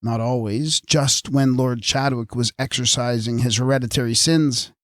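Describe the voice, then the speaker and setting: A man's voice: medium pitch, steady tone, normal speed, dry recording. Man reading a story, close and dry. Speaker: audiobook narrator. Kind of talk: scripted narration.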